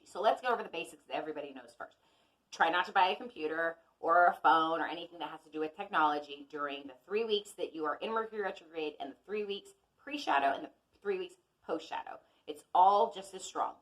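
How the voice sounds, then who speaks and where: A woman with a slightly low-pitched voice gives a relaxed, chatty teaching talk. She speaks as an intuitive healer and astrology teacher, addressing viewers directly in a loose, conversational way. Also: low-quality recording. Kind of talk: casual teaching monologue.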